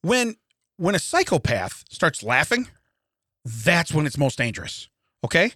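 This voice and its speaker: A man co-hosting a podcast, telling a story in an animated rant, often laughing. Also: a little high, unhurried, dry recording, studio quality. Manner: animated ranting with frequent laughter. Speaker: podcast co-host. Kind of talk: casual comedic storytelling.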